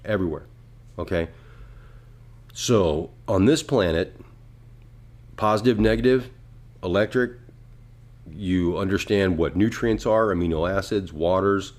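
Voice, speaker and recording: Low-voiced rambling podcast host man. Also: darkish tone. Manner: rambling, profane, acts out voices. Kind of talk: casual podcast chat.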